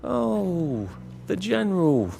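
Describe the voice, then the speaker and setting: A man's voice: high-pitched, very animated, slow, gravelly, warm tone, slight background noise, full character voice. An actor voicing a surly, weary man in video game dialogue, with dry, guarded replies. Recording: game audio with music bed.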